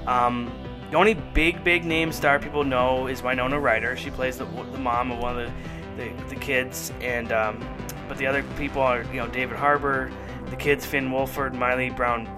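With music playing in the background, a male podcast host talks casually and eagerly, rambling with plenty of fillers. His tone is steady, his pitch medium, and his speed normal.

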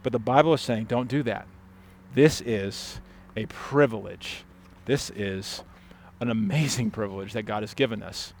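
A man preaching a sermon as pastor, emphatic and urgent, dropping to hushed stress on key words. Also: on the low side, normal speed. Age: adult father.

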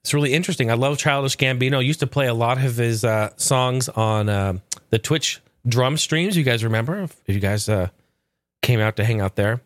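A man's voice: medium pitch, a little fast, no echo. A man hosting a podcast in casual chat, rambling loosely, swearing freely and chuckling often. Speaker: podcast host.

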